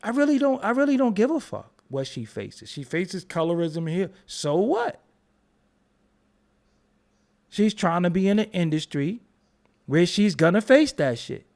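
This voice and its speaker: A young commentary vlog host rants with blunt profanity, often repeating himself. He sounds very animated in a high voice, yet speaks a little slowly and pauses often.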